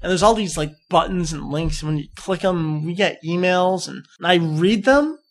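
High-voiced excitable young podcast host. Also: male voice, normal speed. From New Jersey. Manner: excitable, rambling, jokey. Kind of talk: casual podcast chat.

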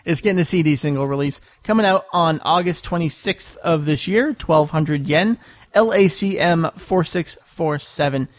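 A man with a fairly high-pitched voice hosts a casual podcast chat. He explains points patiently and spells them out step by step. His voice sounds dry and close, with no room around it. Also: normal speed, no echo. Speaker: podcast host.

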